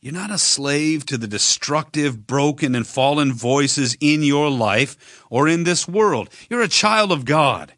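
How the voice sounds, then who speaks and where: Male preacher, bright tone, dry close sound, earnest direct delivery with slow emphatic phrasing. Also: fairly high pitch, animated, no echo. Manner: direct address to listener. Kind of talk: sermon.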